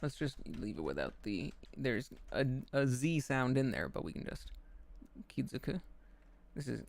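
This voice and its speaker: A man streaming his language study, slowly repeating verb forms and muttering to himself at a desk mic. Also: medium pitch, very animated, creaky. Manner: slow, repetitive drilling of words, muttering to himself. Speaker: VTuber streamer studying Japanese.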